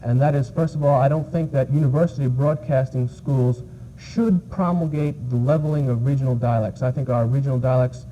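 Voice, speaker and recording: A man from New York, a visiting English teacher, answers an interviewer in a dark, very mellow voice. He stops often on uh and um while he gathers his thoughts. The sound is dull and muffled, with a faint hiss behind it. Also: mid-range voice, steady tone, a little fast. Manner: hesitant, many fillers.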